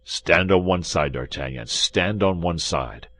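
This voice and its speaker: A man reading as a calm swordsman in an old adventure tale who mocks his attackers from behind a cellar door. The voice is deep and unhurried, dry in its jeering. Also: no room sound.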